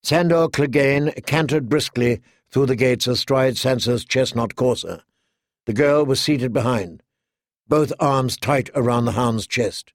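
A man narrates a fantasy audiobook in a measured, steady voice with some gravel in it. The recording is close and dry, with no room sound. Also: medium pitch, no room sound.

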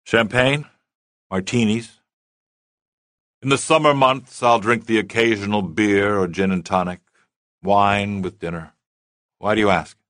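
A man's voice: fairly low pitch, steady tone, a little slow, pauses often, fairly bright tone, no echo, studio quality. A man playing a defensive aristocrat. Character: defensive middle-aged aristocrat man, drinks nightly.

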